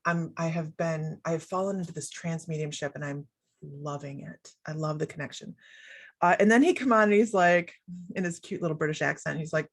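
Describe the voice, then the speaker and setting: A woman's voice: low-pitched, normal speed, dry recording. A middle-aged woman chatting as a guest, bubbly and rambling, often breaking into laughter. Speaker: guest, psychic medium. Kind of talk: casual chat.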